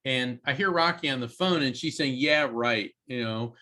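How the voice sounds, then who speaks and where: Bright-voiced man telling animated stories. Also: medium pitch, moderate pace. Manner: lively anecdote-telling, acting out quoted voices. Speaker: guest. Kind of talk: animated storytelling in a podcast interview.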